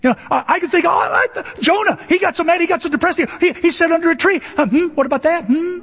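A male pastor giving a conversational, humorous sermon and acting out Bible figures in quick asides. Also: very high voice, fairly bright tone. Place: church sanctuary. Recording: dull sound in a hall with long reverb.

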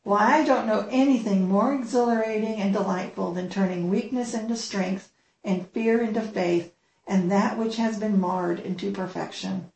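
A woman's voice: medium pitch, steady tone, normal speed, creaky, a little mellow, roomy sound, close to an everyday voice, poor audio. A woman reading as a cheerful kindly shepherd. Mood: joyful. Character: kind, cheerful male shepherd guide.

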